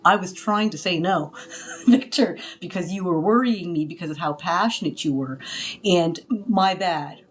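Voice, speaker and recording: A woman talking casually to a live stream as a spiritual healer, rambling and confiding with many restarts, breaking into loud cries when she acts out others. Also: lowish voice, measured pace. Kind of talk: casual livestream talk. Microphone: phone.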